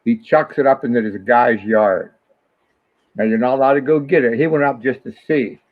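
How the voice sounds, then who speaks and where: A man's voice: mid-range voice, normal speed. Older man rambling over a tinny phone line. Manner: rambling anecdotes with restarts. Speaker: guest, host's father. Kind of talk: casual storytelling. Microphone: phone call.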